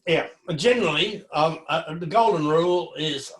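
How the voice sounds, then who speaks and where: A man's voice: a little high, normal speed, hardly any pauses, fairly bright tone, echoey room. A man presenting a student seminar in a friendly, encouraging, conversational way.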